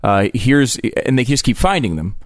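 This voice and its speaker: A man's voice: mid-range voice, big pitch swings, normal speed, dry recording, clean studio sound. A man co-hosting a radio show, chatting in an easygoing, loose way with small chuckles. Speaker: radio co-host. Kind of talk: casual on-air banter. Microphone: studio microphone.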